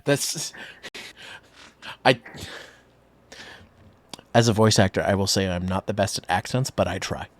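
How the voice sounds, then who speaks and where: A Canadian man hosting a casual stream chat, animated and joking. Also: sits low, a little slow, pauses often. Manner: animated, laughing, trying silly voices. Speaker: streamer host.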